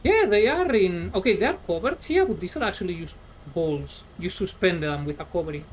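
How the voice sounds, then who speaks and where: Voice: mid-range voice, lively intonation, a little fast, a little hiss or hum. Rambling, sarcastic streamer. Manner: rambling, sarcastic, swears freely. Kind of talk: casual gameplay chat. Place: at home, playing a truck game.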